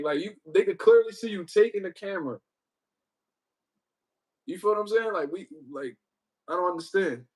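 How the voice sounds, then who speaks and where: High-voiced man ranting on a livestream. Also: breathy edge. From Puerto Rico. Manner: profane, animated storytelling with repeated words. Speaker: livestream host. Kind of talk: casual livestream chat.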